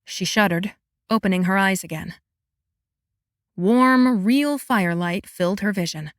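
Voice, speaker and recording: Female audiobook narrator, middle pitch, calm storytelling, very dry recording. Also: unhurried, dry recording. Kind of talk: scripted narration.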